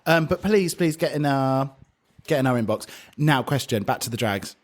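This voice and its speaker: A man co-hosting a podcast, chatting in a camp, animated way and swearing freely. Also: medium pitch, moderate pace. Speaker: podcast co-host. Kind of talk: casual chat.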